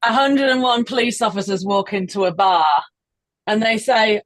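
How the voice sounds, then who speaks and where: A woman's voice: on the high side, normal speed, no echo. A woman comedian playing an improv joke game, giggling at her own jokes.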